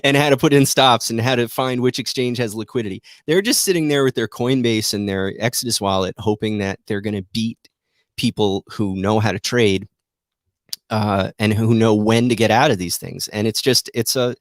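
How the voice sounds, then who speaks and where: A man's voice: lowish voice, normal speed, no echo, studio quality. A man hosting a trading show, giving rambling, self-deprecating market commentary that keeps turning into a rant.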